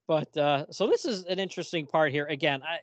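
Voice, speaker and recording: A man's voice: on the high side, sing-song, moderate pace, no echo. A man co-hosting a podcast, chatting casually about a comic and laughing often. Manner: chatty, laughs often, reads quotes aloud. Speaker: podcast co-host. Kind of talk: casual chat reviewing a comic.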